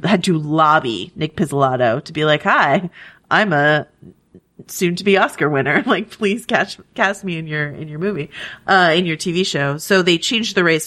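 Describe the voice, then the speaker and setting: A woman with a slightly low voice co-hosts a relaxed recap conversation. She talks in a chatty, wry way and drops quick asides as she goes. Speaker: podcast co-host. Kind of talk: casual TV recap discussion.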